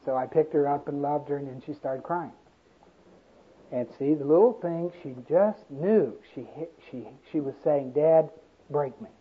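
A man with a high-pitched voice preaches in an unhurried, deliberate cadence, leaning on repeated phrases for emphasis. The sound is thin and tinny, like an old sermon tape.

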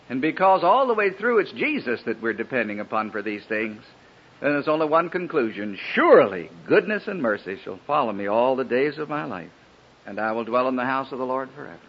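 A man preaching a sermon in an earnest, pleading way, with a husky voice. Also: medium pitch, big pitch swings, fairly quick. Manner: earnest, pleading, rising and falling emphasis. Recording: dull lo-fi old sermon recording.

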